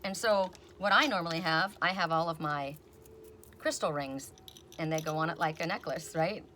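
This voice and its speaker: Rambling middle-aged woman, lowish voice. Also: moderate pace, slight background noise. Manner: rambling, animated storytelling with quoted voices. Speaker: oracle card reader. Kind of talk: casual chatty video reading.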